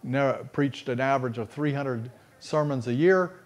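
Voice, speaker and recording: A man's voice: mid-range voice, normal speed. A man preaching a storytelling sermon in a folksy, earnest way, with frequent restarts.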